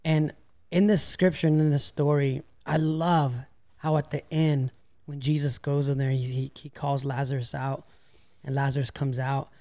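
A man's voice: a little high, flat delivery, moderate pace, warm tone. A man co-hosting a casual faith discussion podcast, speaking reflectively and casually, with fillers like "man" and "you know.". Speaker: podcast co-host.

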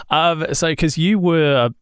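A man with a New Zealand accent hosting a casual podcast chat, chatty and quick to laugh, calling his co-host mate. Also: fairly high pitch, fairly bright tone, smooth, no echo, clean studio sound.

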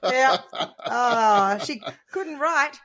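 A woman's voice: sits high, animated, drawn-out words, crowd noise. A woman hosting a casual teachers' podcast, upbeat and playfully teasing, laughing often.

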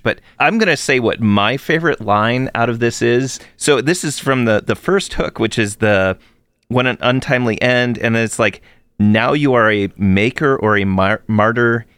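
Smooth, dry-sounding male interviewer. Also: mid-range voice, fairly bright tone, no echo. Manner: curious, thoughtful, halting restarts. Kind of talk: interview conversation.

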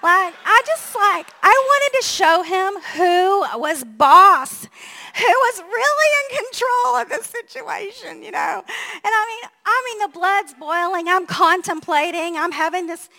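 A middle-aged woman pastor giving a sermon, telling funny family stories in an animated way and laughing at herself. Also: very high voice, a little slow.

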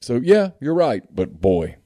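A man co-hosting a sports podcast, easygoing and quick to agree with his partner. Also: mid-range voice, very animated, warm tone, dry recording, clean studio sound. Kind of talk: casual sports talk.

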